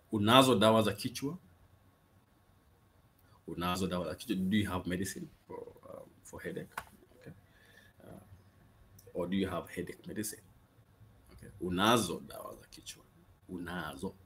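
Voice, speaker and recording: Man, very low voice, patient language teacher, slow repetition, faint background hiss. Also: fairly bright tone. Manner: patient, repeats phrases slowly with many okays. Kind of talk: casual spoken language lesson.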